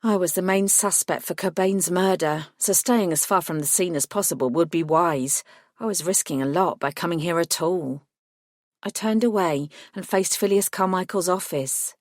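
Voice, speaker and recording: A woman reading a first-person fantasy audiobook in a measured, even storytelling voice. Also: on the low side, dry recording, studio quality. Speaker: audiobook narrator.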